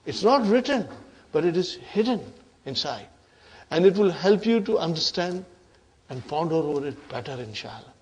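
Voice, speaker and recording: High-voiced man teaching Arabic grammar. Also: moderate pace, husky. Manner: repeats "are you with me" and "huh" to check the class; lively, laughs often, mixes Arabic terms into English. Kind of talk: classroom grammar lesson.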